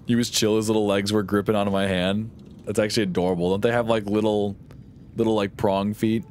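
A man's voice: fairly low pitch, level tone, a little fast, a little mellow, a little hiss or hum. A young man streaming a game live, chatting in a rambling, jokey, sarcastic way. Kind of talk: casual live-stream chat while gaming.

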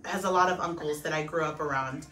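A woman's voice: low voice, fast. A woman comedian, chatting animatedly and laughing as a guest. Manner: animated, laughing storyteller, slips into Spanish. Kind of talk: casual chat. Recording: echoey room, mic far off.

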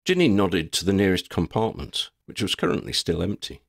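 Expressive male storybook narrator, low and animated, dry close sound. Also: fairly quick, gravelly, dry recording. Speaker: audiobook narrator.

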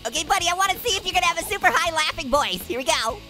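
A woman's voice: very high-pitched, animated, racing, bright, forceful tone, faint music behind. A woman hosting a gaming video, giving playful commentary with lots of giggling and puns as she teases the character on screen. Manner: giggly, punning, teasing the game character. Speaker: gaming host. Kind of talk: playful let's-play commentary.

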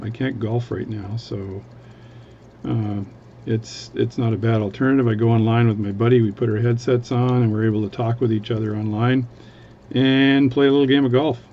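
Man, from Canada, watchmaker, casual rambling chat, gravelly, faint background noise. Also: mid-range voice, mellow, dull audio. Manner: rambling, self-interrupting.

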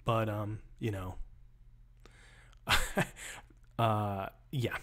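A man's voice: on the low side, little pitch movement, drawn-out words, a bit bright. A man, a rhetoric professor, doing a live-streamed close reading, reading passages aloud and breaking off into wry, chatty asides.

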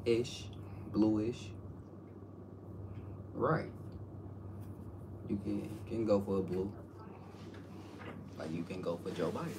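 A man's voice: fairly low pitch, takes it slowly, long pauses, noisy background. A man in joking banter, teasing and bossing his friend around playfully. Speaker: co-host.

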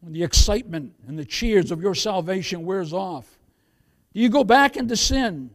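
High-pitched male pastor preaching, keeps saying beloved, goes loud then real quiet. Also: lively intonation, moderate pace. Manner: swings from loud emphasis to hushed asides. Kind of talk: sermon.

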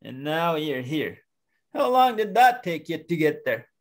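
A proud, fast bear laughs down at a slower creature, loud and teasing, his voice riding high, as a storyteller puts him on. He talks slowly and drawls his scorn. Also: very animated. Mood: mocking. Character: boastful mocking male bear, fast and proud. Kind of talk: oral storytelling.

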